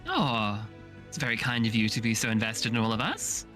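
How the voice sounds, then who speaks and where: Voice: mid-range voice, sing-song, fairly quick, pushed and bright, soft background music, voice pushed down. A player voicing a dainty, falsely sweet young woman who speaks in a prim, overly polite manner.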